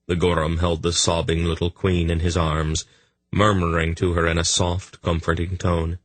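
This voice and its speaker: Deep, husky male audiobook narrator. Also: completely flat delivery, normal speed, no room sound. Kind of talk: scripted fantasy narration.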